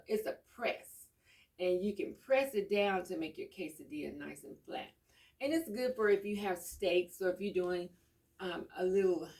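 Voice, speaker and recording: Gravelly-voiced woman chatting from afar. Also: lowish voice. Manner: rambling, homey storytelling. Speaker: vlogger. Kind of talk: casual chat. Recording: voice a bit far from the mic.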